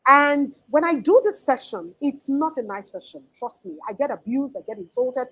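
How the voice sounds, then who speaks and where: A woman's voice: sits high, expressive, moderate pace, a bit bright, slightly rough, low-quality recording. A woman in her forties giving an earnest, emphatic motivational talk as a life coach, often restarting her sentences.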